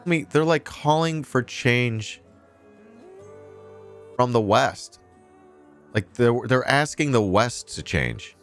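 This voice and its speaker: A man's voice: medium pitch, lively intonation, slow, long pauses, a bit bright, soft background music. A man hosting a livestream, reacting to news clips in a sarcastic, ranting way and swearing freely. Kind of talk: casual livestream commentary.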